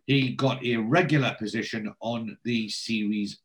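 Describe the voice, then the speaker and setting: List: man, podcast host, chatty, storytelling, casual, average pitch. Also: steady tone, measured pace. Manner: chatty, storytelling, acts out scenes. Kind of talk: casual episode recap.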